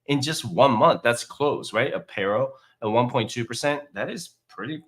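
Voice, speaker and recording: A man's voice: medium pitch, expressive, normal speed, a bit bright. A man hosting a casual finance livestream, talking viewers through figures with lots of fillers. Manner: chatty, many fillers, walking viewers through data. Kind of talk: casual live stream commentary.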